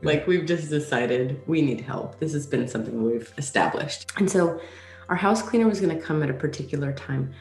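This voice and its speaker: A woman co-hosting a podcast, chatting casually and telling a story with animated, laughing energy. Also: deep voice, moderate pace. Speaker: podcast co-host. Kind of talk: casual chat. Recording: roomy echo with faint music.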